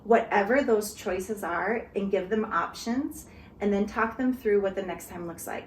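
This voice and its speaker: A woman talking through parenting advice in a calm, explanatory way, sometimes acting out what a parent might say to a child. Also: mid-range voice, a little slow, slight background noise. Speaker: guest speaker on parenting. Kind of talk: casual conversation. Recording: echoey room.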